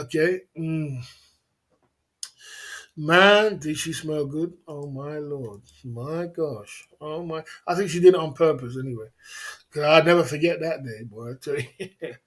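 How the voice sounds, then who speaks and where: A man hosting a casual livestream, telling stories in a chatty way, laughing often and giving shout-outs to viewers. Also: fairly high pitch, unhurried. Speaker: livestream host.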